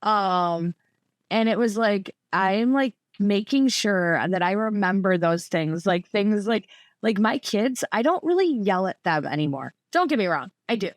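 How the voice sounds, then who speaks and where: A woman chats as a podcast guest. She rambles, leaning on fillers like "like" and "you know". Her voice is mid-pitched and the sound is dry and close. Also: expressive, measured pace, no echo. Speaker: podcast guest, former coaching client. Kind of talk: casual conversational interview.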